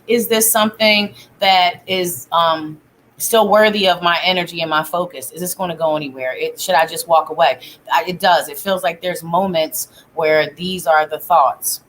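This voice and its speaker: Bright-voiced woman reading tarot live. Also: lowish voice, fairly even intonation, normal speed, slight background noise. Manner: chatty, thinks aloud, self-interrupting. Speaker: psychic tarot reader.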